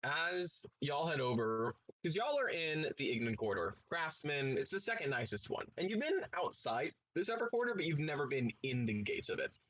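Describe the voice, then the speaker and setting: A man as game master, narrating a tabletop role-playing game in a relaxed, casual way. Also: on the high side, moderate pace, few pauses, no room sound, low-quality recording.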